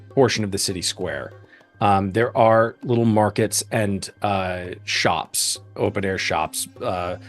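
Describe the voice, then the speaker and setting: A man narrating a tabletop role-playing game as game master, describing scenes with frequent ums and uhs. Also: fairly low pitch.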